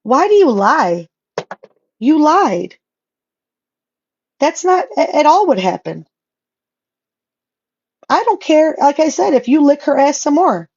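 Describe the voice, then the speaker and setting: A woman's voice: high voice, big pitch swings, takes it slowly, pauses often, darkish tone, highs cut off. Blunt, profane woman ranting on a vlog. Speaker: social media vlogger.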